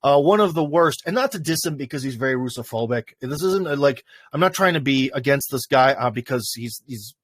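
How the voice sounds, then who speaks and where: A man hosts a livestream in a loose, rambling way, leaning on fillers as he goes. His voice sits at a middle pitch. The sound is dry and close, with no room echo. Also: expressive, fairly quick, few pauses. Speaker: livestream host. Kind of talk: casual chat. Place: in front of a green screen.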